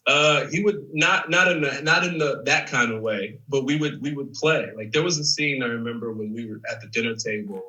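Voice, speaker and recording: A man in his thirties from Chicago, an actor telling stories as a guest in a casual interview, animated and full of "like" and "man". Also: mid-range voice, recorded from a distance, rough recording. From Chicago, USA. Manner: animated storyteller, many fillers like "like" and "man".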